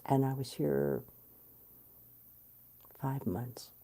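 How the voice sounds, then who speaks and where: A middle-aged woman telling a personal story in an interview, animated and blunt, swearing freely. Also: rumbling low, extremely slow, creaky. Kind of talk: candid storytelling.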